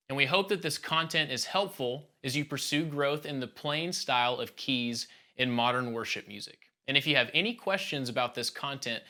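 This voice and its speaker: A man gives a calm, step-by-step keyboard lesson for a church band. His voice is bright and forward, with a steady, even tone. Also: medium pitch. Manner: explains step by step, calm teaching tone. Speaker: worship keys instructor. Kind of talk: instructional talk.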